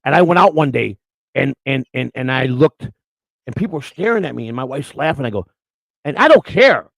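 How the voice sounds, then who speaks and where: Brief: outspoken middle-aged male host, quick rambling delivery, fry in the voice, dry mic. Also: medium pitch, lively intonation, no room sound, low-quality recording. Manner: outspoken, rambling with many restarts. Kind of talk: casual storytelling on camera.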